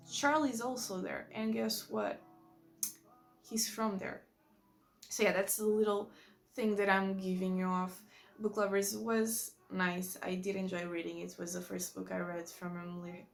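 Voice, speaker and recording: A woman vlogger chats about books in a loose, enthusiastic way, doubling back to fix her own words. English is not her first language. Her voice has a gravelly, creaky fry, and faint music plays underneath. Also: mid-range voice, fairly even intonation, a little slow. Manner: rambling, self-correcting, enthusiastic. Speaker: book vlogger. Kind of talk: casual book review chat.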